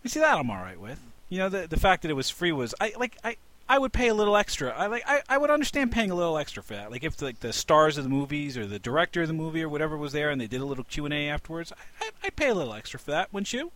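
A man hosting a casual podcast chat, animated and profane, who keeps asking the others what they think. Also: fairly high pitch, rapid-fire, few pauses, dry recording.

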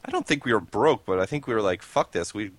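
A man's voice: mid-range voice, animated, fast, breathy edge, dry recording. A man co-hosting a casual chat, blunt and grumbling, swearing freely. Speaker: podcast co-host.

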